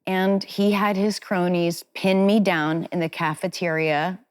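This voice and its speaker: A woman's voice: on the low side, fairly even intonation, measured pace, clean tone. A woman speaking as an interview guest, telling personal stories in a frank, chatty, self-deprecating way. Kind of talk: candid conversational storytelling.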